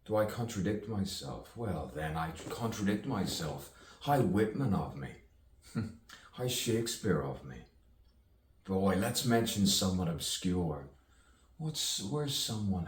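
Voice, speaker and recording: A man rambling in a self-recorded monologue, musing and sardonic, asking himself questions and laughing at himself. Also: low voice. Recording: echoey room, distant mic, faint background noise.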